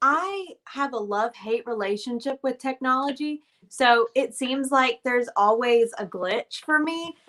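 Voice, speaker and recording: A woman's voice: high-pitched, expressive, a bit bright. A woman from Georgia with a Southern accent, singing and chatting as a guest on a video call, laughing often. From Georgia, USA. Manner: laughs often, talks fast in chat. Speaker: guest singer-songwriter. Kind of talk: live acoustic performance and casual chat. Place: home room with painted backdrop.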